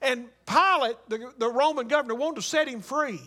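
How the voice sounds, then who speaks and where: A man's voice: extremely high pitch, moderate pace, pushed and bright. A man preaching a sermon, vivid and graphic, building intensity with repeated rhetorical questions.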